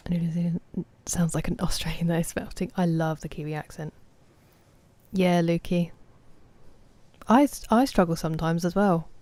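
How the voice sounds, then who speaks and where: A woman in her thirties chats casually while streaming a game, drifting onto tangents and laughing as she talks with viewers. Her lowish, dark voice stays steady at normal speed with frequent pauses, in a dry recording.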